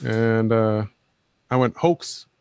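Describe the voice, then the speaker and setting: A man's voice: medium pitch, unhurried. A man co-hosting a casual livestream, blunt and combative, often repeating himself. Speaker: co-host.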